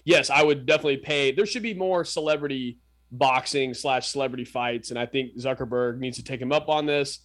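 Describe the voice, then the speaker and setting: A man's voice: medium pitch, steady tone, fairly quick, fairly bright tone. A man co-hosting a casual sports podcast, teasing his partner in playful banter. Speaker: podcast co-host.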